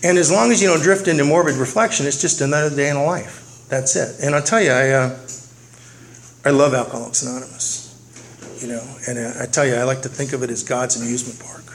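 A man's voice: medium pitch, brisk, slight background noise, low-quality recording. A man speaking at a recovery meeting, telling a humorous, self-deprecating story to the room.

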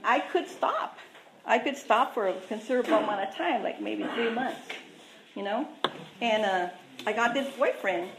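A woman's voice: on the high side, a little hiss or hum. Candid woman telling her recovery story. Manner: candid, self-mocking, chatty with many "you know"s. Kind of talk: personal recovery testimony. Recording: echoey room.

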